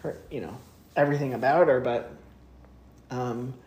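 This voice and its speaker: A woman with an extremely low voice co-hosts a podcast, chatting casually at normal speed and telling a story full of fillers. The lo-fi recording has a roomy echo.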